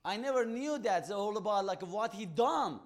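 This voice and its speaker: A man telling an evangelist's testimony, acting out both sides of his conversations in emphatic, halting, non-native English. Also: high-pitched, lively intonation. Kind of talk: testimony storytelling.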